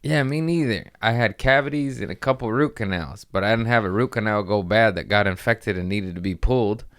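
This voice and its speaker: A man hosting a comedy podcast, telling a rambling, profane story in casual chat and jumping up in pitch for the punchlines. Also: fairly quick, a bit bright, smooth, dry recording, studio quality.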